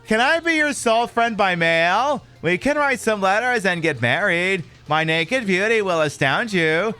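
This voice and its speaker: A man doing a coy, high young woman. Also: animated, measured pace, pushed and bright, faint music behind, exaggerated voice.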